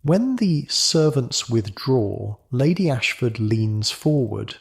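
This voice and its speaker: A man narrating a calm, soothing bedtime history story in the second person. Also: mid-range voice, takes it slowly, gravelly.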